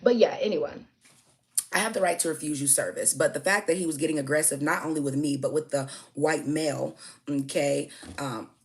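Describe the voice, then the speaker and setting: A woman's voice: low-pitched, fairly quick. A young woman telling a heated storytime rant about a customer. She swears freely and keeps punching lines with "okay?". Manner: emphatic, profane, keeps tagging "okay?". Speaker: food business owner.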